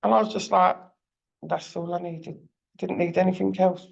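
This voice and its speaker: A woman's voice: lowish voice, steady tone, moderate pace, gravelly, a little mellow, highs cut off. A woman working as a parent advocate, telling a personal story in a blunt, plain-spoken way.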